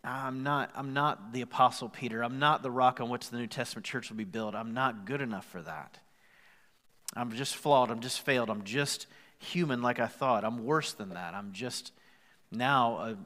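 A male pastor preaching a sermon with growing passion, rising louder and higher as he drives his points home. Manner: impassioned, rising in pitch and volume as he presses his point. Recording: long hall reverb.

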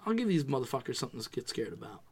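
A man in his twenties telling a sports story in casual chat, animated and profane, often quoting himself. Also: mid-range voice, racing, slightly rough.

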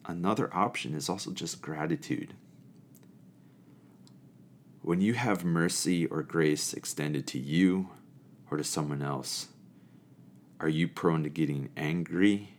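A man with a low, deep voice tells a story from his camp counselor days. He is animated and expressive, then shifts into reflective spiritual musing. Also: a little hiss or hum. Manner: animated and expressive, acting out quoted people. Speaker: storyteller sharing a camp memory.

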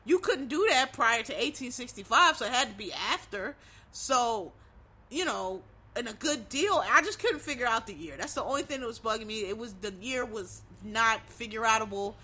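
A woman talking straight to camera about films, blunt and swearing freely, with plenty of emphatic repetition and rambling side-thoughts. Her voice sits a bit high and has a bright, sharp edge. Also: lively intonation, normal speed, husky. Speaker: vlogger reviewing films and shows. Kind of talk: casual opinionated commentary.

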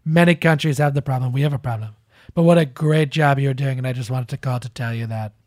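A man reading the lines of a boastful male head of state on a late-night phone call, in a flattering, rambling way, as a comic read-through of a transcript. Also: medium pitch, fast, no echo, studio quality, close to an everyday voice.

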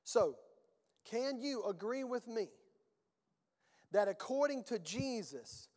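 A man's voice: very high-pitched, expressive, slow pace, darkish tone, long reverb tail. A male pastor preaching a sermon in a conversational, emphatic way, with rhetorical questions and folksy phrasing.

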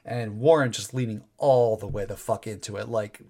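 A man's voice: on the low side, moderate pace, a little mellow. Rambling, wry man on a podcast. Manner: rambling, wry, self-interrupting. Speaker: podcast co-host. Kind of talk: casual chat.

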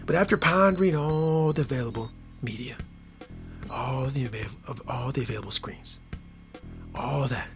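A man hosting his own podcast, talking casually in a rambling, repetitive, playful way that swings from hushed to excited. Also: mid-range voice, moderate pace, pauses often, soft background music. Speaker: podcast host. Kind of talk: casual solo podcast monologue.

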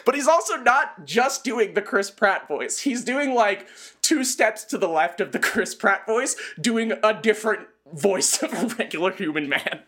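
A woman's voice: mid-range voice, expressive, a little slow, hardly any pauses, a bit bright. A woman co-hosting a casual podcast chat, blunt and opinionated, laughing often. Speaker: podcast co-host.

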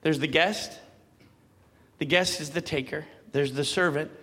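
A man preaching a sermon as pastor, swinging from quiet talk to loud, emphatic calls and laughing often. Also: on the high side, steady tone, measured pace, big-room sound.

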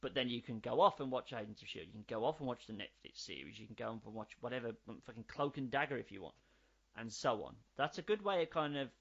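A man, chatting casually as a podcast co-host, animated and swearing freely. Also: mid-range voice, fast talker, creaky, breathy edge. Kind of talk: casual chat. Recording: slightly dull lo-fi audio.

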